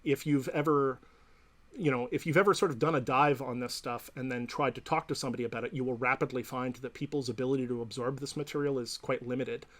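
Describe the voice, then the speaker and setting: Man, interviewee, mid-pitch, measured explainer who keeps checking in with the listener. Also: steady tone. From Canada. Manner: thoughtful, explanatory, frequent "right?" and "you know". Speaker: interviewee, professor and psychotherapist. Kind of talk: reflective interview answer.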